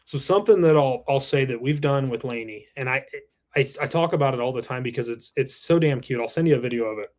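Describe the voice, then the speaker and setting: A man with a medium-pitched, darkish voice speaks quickly. He's in his thirties, president of a roofing company, and a guest on a podcast, where he talks sincerely and reflectively in a loose interview, cursing now and then.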